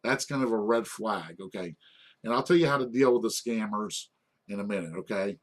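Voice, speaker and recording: A man's voice: on the low side, brisk. Middle-aged guy teaching restaurant managers, loose and rambly, keeps saying okay?. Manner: rambling, repeats "okay?" often, frequent restarts. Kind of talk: informal leadership lesson.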